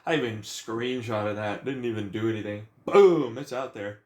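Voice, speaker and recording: A man's voice: lowish voice, normal speed, a little mellow. A young man venting in a profane, agitated, rambling rant about his life. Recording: echoey room.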